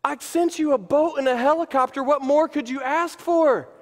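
A preacher voicing God, plainspoken and patient. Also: male voice, very high-pitched, normal speed, long reverb tail, pitched above the performer's own voice. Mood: wry. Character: patient God speaking to believers. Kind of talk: sermon illustration.

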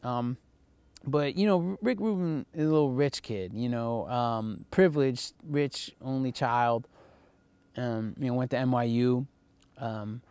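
A man's voice: medium pitch, unhurried, a little mellow, smooth, dry recording. A man giving a casual recorded lecture as a college instructor, loose and profane, with lots of fillers.

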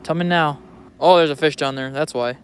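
A man's voice: a little high, fairly even intonation, normal speed, clean tone. A young man vlogging in a casual, joking, rambling way who swears freely. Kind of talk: casual rambling vlog commentary.

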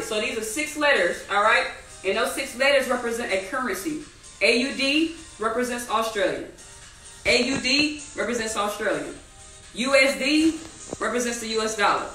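A woman teaching a live online trading class, animated and repetitive, asking the audience many rhetorical questions. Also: fairly high pitch, roomy sound, far from the mic, poor audio. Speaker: trading instructor.

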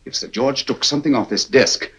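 An actor playing a cool, precise middle-aged detective in a 1940s film, speaking in clipped, deductive sentences. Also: male voice, medium pitch, brisk, a bit bright, a little hiss or hum, close to an everyday voice. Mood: calm, probing. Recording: dull old film soundtrack.

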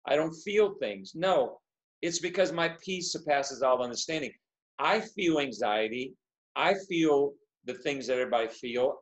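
A man, a pastor, speaking earnestly over a video call, often repeating words and restarting phrases. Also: on the high side. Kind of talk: casual video-call conversation.

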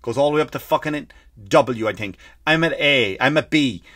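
A man's voice: medium pitch, normal speed, no echo. Ranting Irish man, dry close mic. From Ireland. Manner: swears freely, acts out people in loud bursts. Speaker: comedy podcast host. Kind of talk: comedic rant.

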